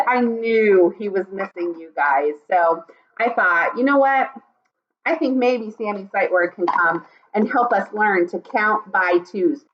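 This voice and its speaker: A woman teaching a video lesson to young children from home, talking in an animated, sing-song way. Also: medium pitch, a little slow, lo-fi sound. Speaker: kindergarten teacher.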